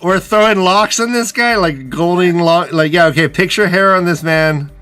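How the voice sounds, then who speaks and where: A man's voice: high voice, normal speed, crowd noise. A man hosting a book podcast, easygoing and steering the casual chat. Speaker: podcast host.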